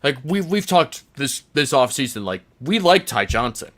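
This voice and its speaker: Bright-voiced chatty sports podcast man. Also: mid-range voice, sing-song, normal speed. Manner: chatty, rambling, laughs easily. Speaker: podcast host. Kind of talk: casual sports chat.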